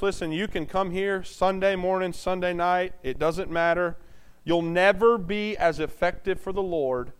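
A man preaching a sermon as pastor, swinging between hushed and loud delivery. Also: high voice.

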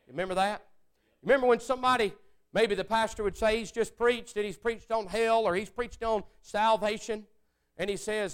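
High-voiced preacher, shouting to hushed. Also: male voice, fairly even intonation, moderate pace, smooth. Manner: swings between shouting and hushed prayer voice. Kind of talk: sermon.

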